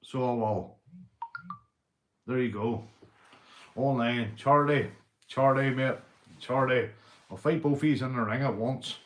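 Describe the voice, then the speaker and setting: A man's voice: medium pitch, unhurried, long pauses, a little mellow, a little hiss or hum. A Northern Irish man hosting a casual livestream, rambling and boisterous, a few beers in, calling everyone "mate". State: drinking beer. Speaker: livestream host. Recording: echoey room.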